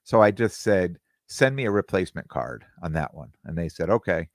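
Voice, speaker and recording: Low-voiced man telling a rambling story. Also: big pitch swings, normal speed, no room sound, clean studio sound. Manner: rambling, with restarts and reenacted dialogue. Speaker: podcast host. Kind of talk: casual storytelling monologue.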